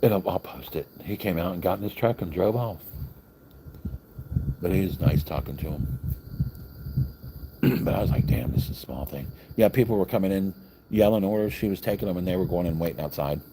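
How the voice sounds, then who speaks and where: On a livestream from a hotel room, crickets chirping outside, a male vlogger spins a long, meandering tale and voices the lines of the people in it. His low voice is warm and fairly quick, broken by long pauses, with slight noise in the background.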